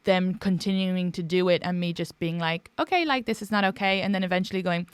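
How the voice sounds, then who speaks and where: A woman's voice: fairly low pitch, clean tone, no room sound. A woman hosting a podcast and chatting openly about personal things. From Ireland. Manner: quick, chatty, confessional. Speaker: podcast host. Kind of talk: casual podcast chat.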